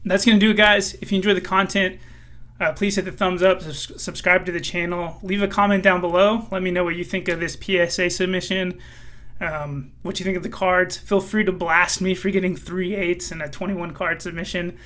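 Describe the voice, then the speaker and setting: A man hosting his own collecting channel, chatting casually with many fillers, a little hoarse and clearing his throat. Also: high-pitched, flat delivery, a little fast, fairly bright tone. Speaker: card collecting channel host. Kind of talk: casual vlog commentary.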